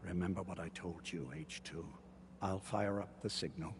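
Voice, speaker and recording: A terse male resistance agent in a video game, handing out quick instructions. His voice is low, and loud noise nearly buries the game audio. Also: steady tone.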